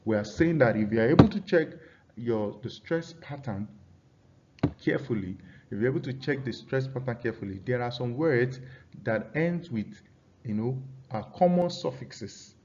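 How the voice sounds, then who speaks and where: A man's voice: medium pitch, animated, normal speed, lo-fi sound, noisy background. A man teaching an English pronunciation lesson, often repeating himself and checking in with his students.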